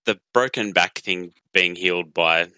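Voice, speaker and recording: A man's voice: low-pitched, unhurried, bright, forceful tone, clean tone, no echo. A man co-hosting a casual film chat, dry and understated as he picks at plot points. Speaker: podcast co-host.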